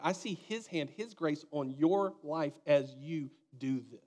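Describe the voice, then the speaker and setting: A man in his thirties preaching a sermon, telling a story with lively acted-out dialogue. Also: a little high, a little slow, hardly any pauses. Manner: storytelling, animated, acts out quoted dialogue. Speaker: pastor.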